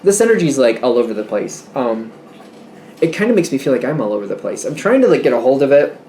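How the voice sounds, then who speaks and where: A man's voice: mid-range voice, fast talker, roomy sound, slight background noise. Rambling man doing a tarot reading. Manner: rambling, self-interrupting, animated asides. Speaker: tarot reader.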